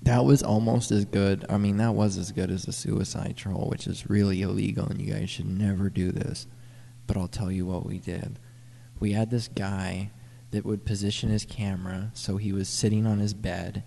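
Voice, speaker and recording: A young man telling a rambling, profane story, excited and stumbling over his words. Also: fairly low pitch, moderate pace, creaky, long reverb tail. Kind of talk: casual profane anecdote.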